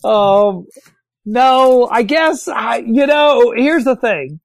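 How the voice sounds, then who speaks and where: Male podcast host, joking, rambles, very animated pitch, dry close sound. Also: drawn-out words, dry recording. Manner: playful, rambling, jokey. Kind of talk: casual chat.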